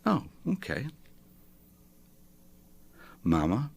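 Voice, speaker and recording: A man's voice: mid-range voice, huge pitch swings, very slow, vocal fry, breathy edge, exaggerated voice. A man reading aloud, voicing a small child who asks worried questions about a lost dog. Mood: worried, curious. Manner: eager, plaintive questions. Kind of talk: reading a poem aloud on radio.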